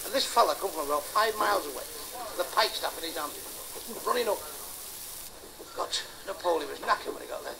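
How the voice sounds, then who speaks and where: A man's voice: on the high side, expressive, brisk, vocal fry, long pauses. A male stand-up comedian telling crude jokes and heckling the audience in a club. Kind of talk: blue club stand-up routine. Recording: noisy live club recording.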